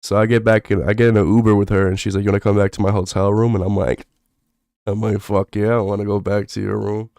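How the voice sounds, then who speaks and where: Laid-back young male streamer, low voice, dry close sound, rambling and profane. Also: level tone, fast, a little mellow, no echo. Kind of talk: casual storytelling on stream.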